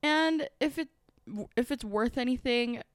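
A woman's voice: fairly high pitch, measured pace, dry recording, studio quality. A young woman co-hosting a podcast, chatting in a bubbly, giggly way. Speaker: podcast co-host. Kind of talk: casual chat.

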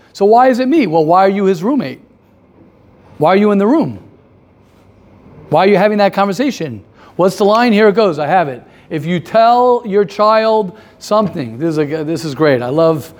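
A man teaching a casual class, animated, firing rhetorical questions and repeating his points. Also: high-pitched. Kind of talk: casual lively classroom talk.

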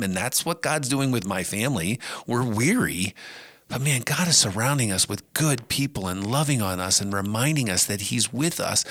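A man's voice: lowish voice, a bit bright, no echo. A middle-aged man hosting a podcast, giving an earnest, conversational devotional talk with emphatic rises. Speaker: podcast host and preacher.

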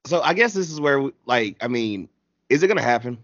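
A man in an easygoing, slang-filled wrestling recap, laughing as he goes. His voice sits at an ordinary pitch. The recording is dull and lo-fi, with a dry close sound. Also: lively intonation, fairly quick, no echo. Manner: laid-back, slangy, laughs often. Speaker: podcast host. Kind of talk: casual wrestling recap chat.

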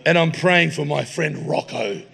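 Male preacher, anecdotal and jokey, gravelly raised pitch. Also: a little slow, fairly bright tone. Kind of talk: humorous sermon storytelling. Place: church hall.

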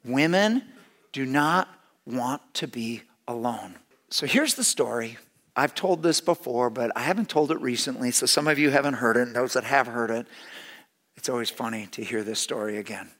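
A middle-aged man telling a humorous story to an audience, lively and full of restarts. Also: moderate pace. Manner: animated, with big swings in pitch and loudness; repeats and restarts phrases as he talks.

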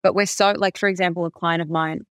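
Brief: woman business founder as podcast guest, lively storyteller, dry close sound. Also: lowish voice, quick pace, no room sound. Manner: animated storyteller, heavy use of "like". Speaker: recruitment company founder, guest. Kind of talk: conversational podcast interview.

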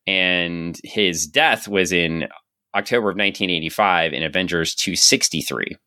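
A man co-hosting a podcast about comic books, talking casually, sarcastic and quick to laugh. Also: low-pitched, pushed and bright, no room sound, clean studio sound. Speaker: podcast co-host. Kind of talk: casual comic book chat.

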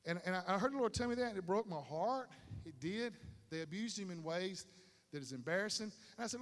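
A man preaching a sermon in a lively, conversational way with slang asides, in a large stadium. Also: sits high, quick pace. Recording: long hall reverb.

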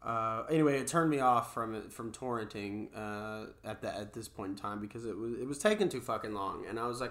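A man's voice: lowish voice, a little fast, few pauses, fairly bright tone. A young man co-hosting a podcast, talking loosely with slang and swearing. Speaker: podcast co-host. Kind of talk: casual chat.

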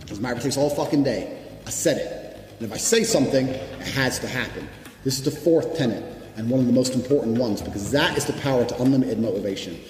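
A man's voice: medium pitch, fast talker, darkish tone. Brash motivational speaker, a man swearing hard and hammering each point, long hall echo. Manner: blunt, profane, emphatic. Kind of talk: motivational speech. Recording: echoey hall reverb with background music.

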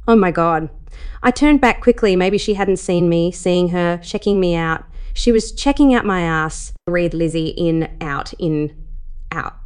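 A woman narrating a first-person erotic story in a soft, intimate delivery with breathless rises. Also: fairly low pitch, clean tone.

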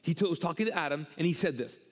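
A male pastor preaching a sermon and chatting with a co-host. He is animated, repeats himself and acts out quotes. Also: on the high side, rapid-fire. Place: church auditorium. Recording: long hall reverb.

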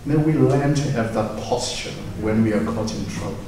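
A man preaching a sermon, swinging between impassioned proclaiming and quiet reflection. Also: lowish voice, moderate pace, a little hiss or hum. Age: adult with a young son. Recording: echoey hall from far off, faint ambience.

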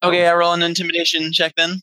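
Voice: mid-range voice, monotone, fast talker, sharp tone, smooth, dry recording, poor audio. A player in a tabletop game, speaking eagerly and exclaiming about the rolls. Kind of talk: casual tabletop play.

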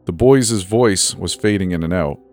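A man reading a horror story as a scripted first-person narration, measured and sometimes drifting soft and slow. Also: deep voice. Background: faint music.

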